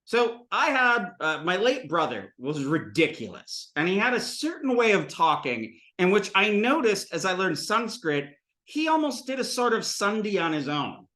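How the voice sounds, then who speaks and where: A man in his thirties giving a lively, digressive classroom lecture on Sanskrit, acting out voices for his examples. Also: high-pitched, moderate pace, roomy sound. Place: classroom with students.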